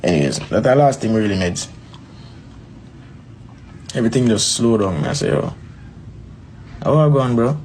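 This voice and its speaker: Young man, rambling storyteller, mellow dark tone. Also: fairly low pitch, sing-song, moderate pace, pauses often, a little hiss or hum, low-quality recording. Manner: rambling, repetitive, peppered with bro and dog. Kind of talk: interview clip, personal story.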